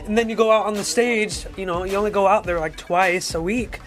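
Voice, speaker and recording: High-voiced young man, rambling and giggly. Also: steady tone, a little fast, fairly bright tone, soft background music. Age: young adult. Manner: rambling, giggly, full of filler words. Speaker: singer interviewed as guest. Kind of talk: casual radio interview.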